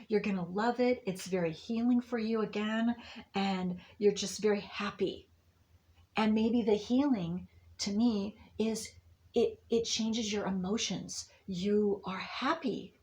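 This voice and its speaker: A woman's voice: medium pitch, fairly even intonation, takes it slowly, a little mellow. A woman giving a monthly intuitive reading to her viewers, rambling and restarting with many fillers in a reassuring tone. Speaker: astrology and tarot reader.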